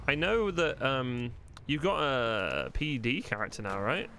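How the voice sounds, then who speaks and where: A man's voice: mid-range voice, sing-song, measured pace, sharp tone, a little hiss or hum. A man streaming a roleplay game live from home, chatting to viewers in a loose, rambling way, swearing freely and thinking aloud as he plays.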